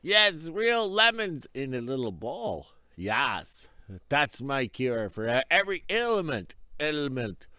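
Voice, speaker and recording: A man, hoarse from losing his voice, chatting casually and jokingly in a rural vlog recorded outdoors in winter on his phone. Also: medium pitch, big pitch swings, takes it slowly, pushed and bright, no room sound, studio quality. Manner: rambling, jokey, self-deprecating. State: hoarse, lost voice. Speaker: vlogger.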